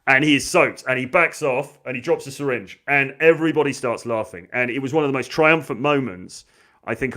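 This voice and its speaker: A man, a dating coach, telling a story from his school days and acting out the lines of the people in it. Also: mid-range voice. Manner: animated, acts out quoted lines. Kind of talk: storytelling monologue.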